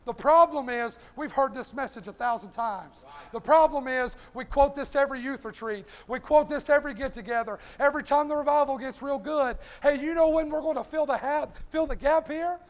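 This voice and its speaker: A man's voice: extremely high pitch, a little fast, hardly any pauses. A man preaching an impassioned sermon, starting almost every phrase with "hey.". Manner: impassioned, repeats "hey" constantly. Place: church sanctuary. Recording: long hall reverb.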